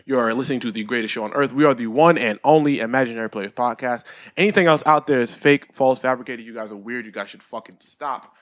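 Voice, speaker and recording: A man hosting a podcast, introducing his co-hosts in quick, jokey banter. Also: medium pitch. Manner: fast, jokey, laughing a lot. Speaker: podcast host.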